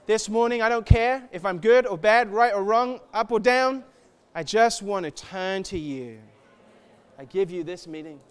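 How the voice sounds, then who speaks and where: High-voiced, clear man preaching animatedly. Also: measured pace. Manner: animated, swings from soft to shouting; acts out quoted voices. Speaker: church speaker. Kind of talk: sermon.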